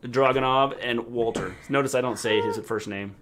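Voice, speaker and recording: A man's voice: medium pitch, fairly even intonation, moderate pace, background noise. A middle-aged man co-hosting a casual wrestling review livestream, talking in an easygoing way with brief interjections. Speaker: wrestling show co-host.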